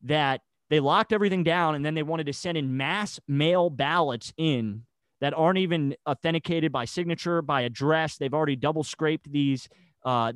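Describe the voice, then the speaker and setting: A man's voice: a little high, smooth, no echo. A man ranting heatedly in a casual chat, stammering and restarting his sentences. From United States. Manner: agitated and rambling, with stammered restarts.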